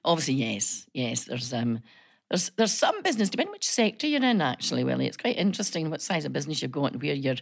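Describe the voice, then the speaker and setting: A middle-aged Scottish woman with a low voice and a gravelly edge, chatting as a radio guest. She tells her stories in a lively, talkative way, often restarting her sentences. The studio sound is dry and close. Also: fast talker, no room sound. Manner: animated storyteller, chatty, many restarts. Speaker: business chamber chief executive, guest. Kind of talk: casual radio chat.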